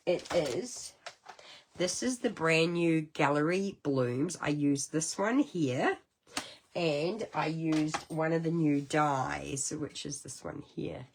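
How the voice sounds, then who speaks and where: A middle-aged woman with a New Zealand accent hosting a casual card-making livestream, chatty and rambling, with sudden high exclamations. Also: slight background noise. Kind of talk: casual craft livestream chat.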